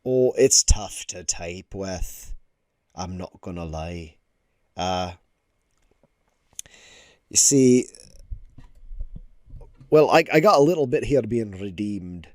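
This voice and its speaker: A digital artist chats casually on a livestream while drawing, his voice lowish and a little mellow with lively intonation, a slow pace, and frequent pauses. The sound is clean studio audio with no room sound. He rambles and gives playful mock lessons, using lots of filler words.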